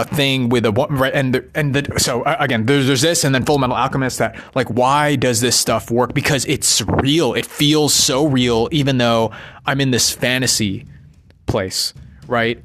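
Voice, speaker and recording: In a casual, rambling movie monologue, a man curses liberally and ends his points with a constant questioning "right?". His voice is mid-range with a fairly bright tone.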